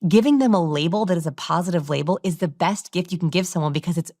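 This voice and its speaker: A woman with a fairly low voice speaks as a podcast guest. She explains her points clearly and slips into demonstration voices to show what she means. The sound is dry and close. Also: quick pace, a little mellow, dry recording. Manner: demonstrative, acts out example voices. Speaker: guest expert. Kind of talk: podcast interview.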